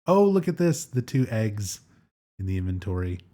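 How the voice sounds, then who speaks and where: A man's voice: lowish voice, sing-song, normal speed, warm tone. A man streaming a game live, joking and laughing often as he comments. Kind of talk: casual live gameplay commentary.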